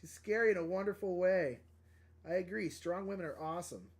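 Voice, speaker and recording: A man's voice: sits high, a little fast. A young man chatting casually on a live stream while drawing, thinking aloud and laughing often. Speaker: livestream artist.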